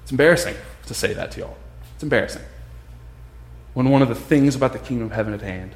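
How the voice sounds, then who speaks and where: Animated preacher in an echoey room. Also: male voice, mid-range voice, quick pace. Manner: animated, acts out voices of others. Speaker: pastor. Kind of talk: casual sermon.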